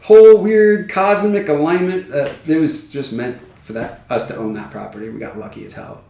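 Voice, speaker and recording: A man's voice: a little high, normal speed, creaky, far from the mic. A man from Iowa telling stories about his home in a casual podcast chat, laughing often. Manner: laughs often, animated storytelling with acted quotes. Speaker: podcast guest, carpenter. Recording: roomy, from off the mic.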